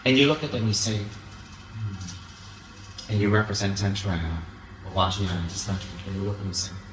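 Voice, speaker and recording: A man giving an animated Dharma talk as a Buddhist teacher, often mocking the voices of his critics. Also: lowish voice, rapid-fire, roomy sound, background noise.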